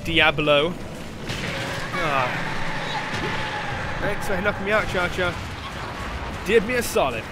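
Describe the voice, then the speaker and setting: A man giving let's play commentary, excitable and yelping in panic between dry asides. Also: sits high, measured pace, pauses often. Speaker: gaming channel host. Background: game music.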